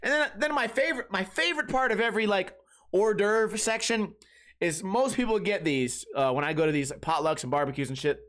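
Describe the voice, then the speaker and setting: A man hosting a comedy podcast, telling rambling, profane stories in a casual, animated way. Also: high voice, a little fast. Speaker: podcast host.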